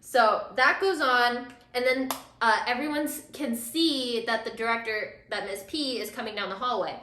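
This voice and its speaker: Doing her makeup at home, a young female vlogger recaps a drama in a chatty, filler-heavy way, performing the characters' dialogue. Her voice is a little high, bright and pushed, at normal speed, recorded in an echoey room with slight background noise.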